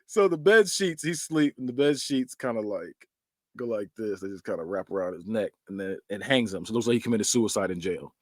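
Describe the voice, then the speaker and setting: A man's voice: fairly low pitch, dry recording, clean studio sound. A man hosting a podcast, casually recapping horror movie scenes and acting out bits with sound effects. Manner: animated storytelling, acts out scenes with quick sound effects and laughs. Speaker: podcast host.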